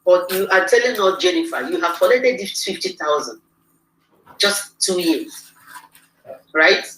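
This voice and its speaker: Woman, livestream host, excitable, lowish bright voice, roomy echo, distant mic. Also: measured pace, a little hiss or hum. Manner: excitable, rallying the audience. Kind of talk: livestream interview. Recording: echoey room, mic far off.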